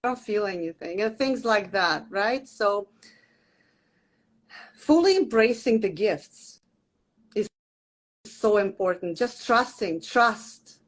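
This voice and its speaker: A woman's voice: mid-range voice, slow, pauses often, rough recording. A woman speaking as a Reiki teacher and guest in casual, earnest conversation from her home studio. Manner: warm, earnest, softly emphatic. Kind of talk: casual interview chat.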